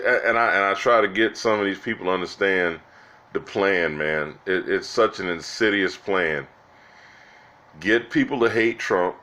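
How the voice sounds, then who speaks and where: A low-pitched, slightly bright male voice belongs to a political vlogger venting to his viewers. His commentary is rambling and exasperated, full of restarts, with frequent "guys" and "y'all."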